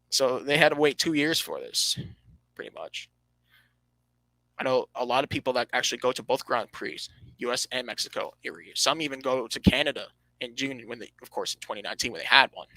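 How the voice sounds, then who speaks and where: On his motorsport podcast, a man with a medium-pitched voice gives an animated, emphatic breakdown of races and standings, regularly correcting himself mid-sentence. The recording is rough, though it has no echo.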